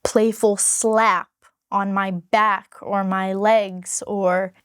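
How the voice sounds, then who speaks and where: A woman's voice: mid-range voice, level tone, very slow, clear, resonant tone, no echo, clean studio sound. A woman speaking frankly and earnestly to camera as she tells her own story in a casual vlog. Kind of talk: candid personal storytelling to camera.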